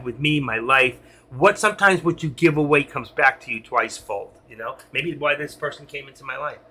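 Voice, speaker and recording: A man's voice: fairly high pitch, bright, forceful tone, slightly rough. A middle-aged man on a live stream, talking to his chat in an emotional, rambling way and answering viewers by name.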